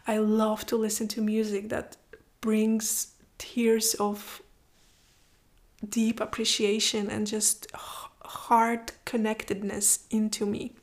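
A woman speaking in a heartfelt, reflective personal monologue, often dropping to a soft whisper and moved to tears. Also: a little high. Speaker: vlogger.

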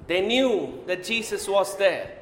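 A man's voice: sits high, lively intonation, slow pace, a little hiss or hum. A man preaching a sermon, asking the congregation questions and often raising his voice for emphasis. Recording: echoey hall.

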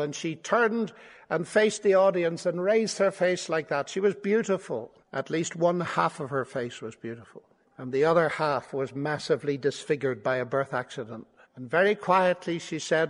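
An older man preaching a sermon, earnest and rhetorical, often asking his listeners questions and swelling to emphasis. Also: a little high. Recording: long hall reverb.

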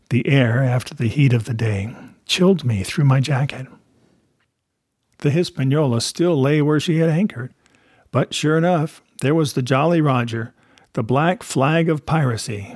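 Husky guy reading an old adventure book, steady and measured, dead dry sound. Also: mid-range voice, no room sound. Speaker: audiobook narrator. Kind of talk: scripted narration of a classic novel.

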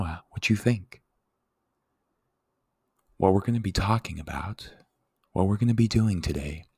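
Male podcast host and teacher; very low, gravelly voice, gentle reassuring delivery. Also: no room sound, clean studio sound. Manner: gentle, reassuring, slow and soothing. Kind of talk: soft-spoken podcast intro, partly whispered.

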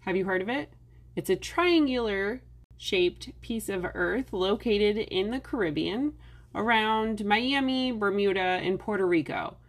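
A woman's voice: medium pitch, lively intonation, unhurried. Chatty woman hosting a podcast. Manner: chatty, sarcastic asides. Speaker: podcast host. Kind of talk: casual solo podcast talk.

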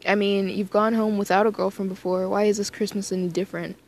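A woman voicing a calm, matter-of-fact young friend in a storybook reading, asking plain questions. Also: medium pitch, quick pace, lightly acted. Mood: puzzled.

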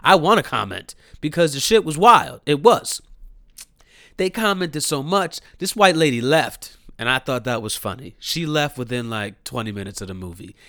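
Male reviewer, casual profane rant, animated and blunt, bright forceful voice, dry close sound. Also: medium pitch, moderate pace, dry recording. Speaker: movie reviewer.

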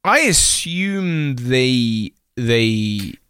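A man's voice: medium pitch, very animated, drawn-out words, a bit bright, clear, resonant tone, no room sound, studio quality. A young man co-hosting a podcast in casual chat, playful and teasing. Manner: playful, teasing, breaks into mock-dramatic lines. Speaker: podcast co-host.

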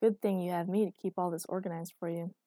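A woman's voice: lowish voice, fairly even intonation, fast talker, warm tone, no echo, clean studio sound, lightly acted. A woman voicing a quirky, cheerful young woman inventor who talks in a bubbly, earnest way. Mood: curious.

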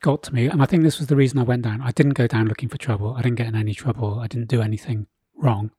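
Man, husky, dry close sound, animated storyteller, casual chat. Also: medium pitch, fast, dry recording. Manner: chatty storyteller, laughs often, acts out quotes. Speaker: guest.

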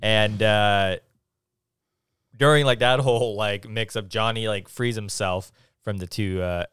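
A man's voice: on the low side, fairly even intonation, unhurried, a bit bright, clear, resonant tone, no echo, clean studio sound. A man co-hosting a podcast, recapping a film in a laid-back, casual way with plenty of "um" and "like". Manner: laid-back, with many fillers like "um" and "like". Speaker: podcast co-host.

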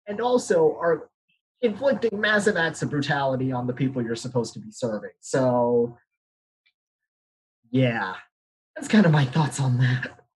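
Young male podcast panelist from Arizona, husky, candid and casual. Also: medium pitch, lively intonation, measured pace, pauses often, rough recording. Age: young adult. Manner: candid, laughs nervously at grim news. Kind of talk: casual discussion.

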